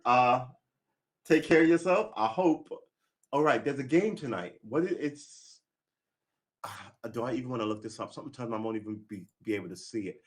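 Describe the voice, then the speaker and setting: A man chatting casually on a live stream, rambling and making wry jokes. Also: mid-range voice.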